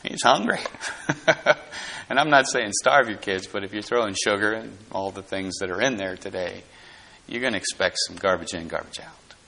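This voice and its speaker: Bright-voiced man preaching a folksy sermon. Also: on the low side, moderate pace, vocal fry. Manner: conversational, folksy, asks the audience questions, laughs often. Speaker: pastor.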